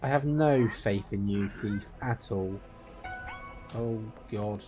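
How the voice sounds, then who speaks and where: A man's voice: fairly low pitch, slow, warm tone. A man giving a running let's play commentary and chatting to the characters in the game. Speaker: gameplay streamer. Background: game music.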